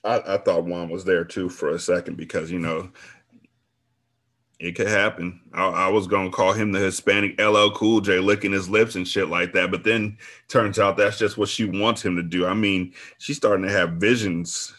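A man's voice: low voice, fairly even intonation, normal speed, a bit bright. A man hosting a podcast, reading a novel aloud and commenting in a casual, profane, laid-back way.

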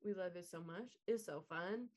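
A woman's voice: lowish voice, normal speed, a little mellow. A woman co-hosting a movie podcast in casual chat, chatty and self-deprecating. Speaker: podcast co-host.

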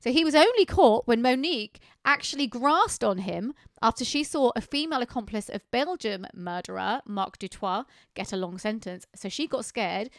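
A woman chats her way through true crime cases on a podcast. She talks briskly and conversationally, dropping in offhand remarks. The sound is dry and close, with no room around her voice. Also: on the high side, animated, no room sound. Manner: brisk, conversational storytelling with casual asides. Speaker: podcast co-host.

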